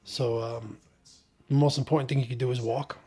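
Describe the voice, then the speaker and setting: Man, mid-pitched, casual vlog storytelling, joking, lots of fillers and restarts. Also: fairly even intonation, moderate pace, warm tone, slightly rough. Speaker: vlogger recounting his surgery. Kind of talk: casual first-person storytelling.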